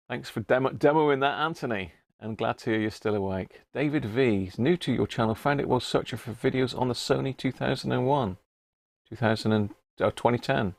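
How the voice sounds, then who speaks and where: A man's voice: medium pitch, vocal fry, dry recording. A middle-aged man hosts a casual live stream from his home workshop, chatting, greeting viewers by name and chuckling often. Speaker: livestream host.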